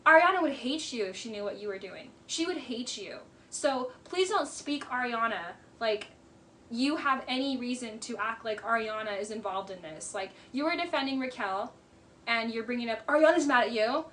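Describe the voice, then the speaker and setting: A woman's voice: on the high side, expressive, moderate pace, pushed and bright, a little hiss or hum. A woman giving casual, emphatic commentary on a reality TV episode, often exasperated and mimicking the people she quotes.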